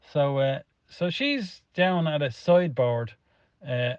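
A man's voice: on the high side, animated, takes it slowly, clean tone, dry recording, highs cut off. A middle-aged Irish man telling a rambling anecdote in a casual voice, swearing constantly. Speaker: storyteller in a played clip.

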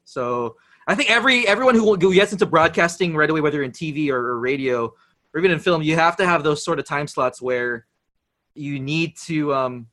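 A young man, a radio DJ telling stories in casual chat, animated and laughing often. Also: fairly high pitch, brisk. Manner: animated storyteller, laughs often, mimics voices. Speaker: radio DJ and podcast guest.

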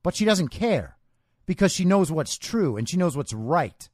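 A man hosts his own podcast in a forceful, opinionated monologue, throwing out rhetorical questions. His fairly high voice rises and falls in animated swings. The sound is dry and close to the mic. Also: normal speed, dry recording. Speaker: podcast host.

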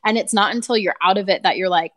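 A woman's voice: medium pitch, quick pace, a crowd in the background. A woman chatting candidly on a podcast, often laughing as she talks. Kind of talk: casual chat.

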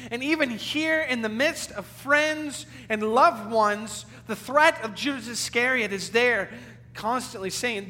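A male pastor preaching a sermon with earnest emphasis, sometimes loud and sometimes dropping to a hushed, low delivery. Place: church sanctuary. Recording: church hall reverb with faint hum.

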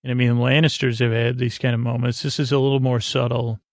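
Male podcast host, casual recapper, gravelly tone, filler-heavy rambling delivery, dry close sound. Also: medium pitch, flat delivery, fast, dry recording. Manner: rambling, filler-heavy, paraphrases scenes loosely.

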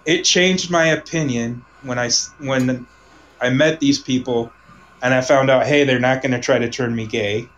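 A man from Omaha telling a personal story in casual conversation, rambling, restarting sentences and trailing off softly. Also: mid-range voice, steady tone, moderate pace, poor audio.

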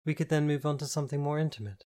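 Calm deadpan young woman, read by a man. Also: on the high side, close to an everyday voice. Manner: deadpan, flat, unhurried. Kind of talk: audiobook character voice.

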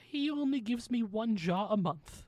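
A woman voicing a timid male Robin Hood-style minstrel who talks high and flustered. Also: expressive, unhurried, a little mellow.

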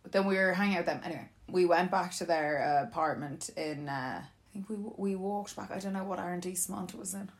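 Young woman, lowish pitch, lively gossipy storyteller who slips into quoted voices. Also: fairly quick, hardly any pauses. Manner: chatty and animated, laughs often, acts out quotes. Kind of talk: casual storytelling chat.

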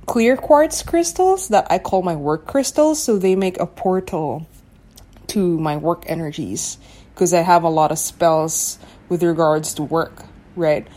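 Mellow-voiced woman musing on a podcast. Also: lowish voice. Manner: musing, searching for words, often asks if listener follows. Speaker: podcast host. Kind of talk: casual solo podcast talk.

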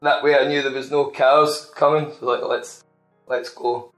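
A man's voice: a little high, flat delivery, measured pace, soft background music. A Scottish man co-hosting a podcast, telling an amused, rambling anecdote in a casual chat. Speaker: podcast co-host. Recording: roomy echo.

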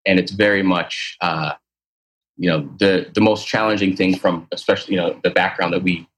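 A man's voice: low-pitched, fairly even intonation, moderate pace, fairly bright tone. A man, an athletic trainer, talking about his posture therapy work in a casual interview, earnest and rambling with many fillers and restarts.

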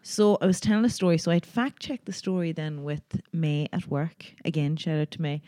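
Irish woman, podcast co-host, low mellow tone, chatty and amused. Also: steady tone, a little fast, dry recording, clean studio sound. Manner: chatty, laughs while telling stories. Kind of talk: casual chat.

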